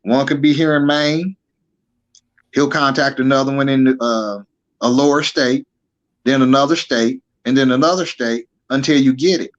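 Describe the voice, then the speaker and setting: A man's voice: mid-range voice, steady tone, moderate pace, muffled recording, close to an everyday voice. A man voicing an earnest woman who is eagerly asking questions of a Bigfoot. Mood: explaining.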